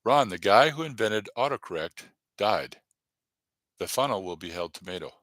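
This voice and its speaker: A man's voice: on the low side, animated, moderate pace, fairly bright tone, no echo. A man hosting his comedy channel on a live stream, chatting casually and rambling between jokes with lots of fillers. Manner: rambling, jokey, many fillers.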